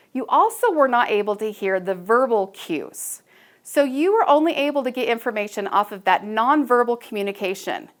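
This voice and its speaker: A woman giving a recorded staff training talk, measured and instructive, with frequent ums and uhs. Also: on the high side.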